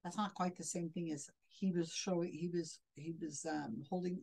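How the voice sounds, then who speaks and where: A woman's voice: on the low side, fairly even intonation, moderate pace, mellow, breathy edge, rough recording. A woman commenting critically on a video clip as a skeptic, sounding indignant and often restarting her sentences.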